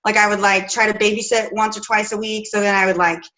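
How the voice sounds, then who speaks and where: Woman, 30s, fitness coach, bright open voice, rambling chatty storyteller, at home. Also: mid-range voice, flat delivery, fast talker, rough recording. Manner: chatty, rambling with fillers and restarts. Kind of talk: casual personal story.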